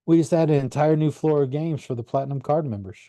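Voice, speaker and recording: A man's voice: on the high side, quick pace, dark tone, no echo, studio quality, close to an everyday voice. A man voicing an ingratiating hotel bellhop. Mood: coaxing.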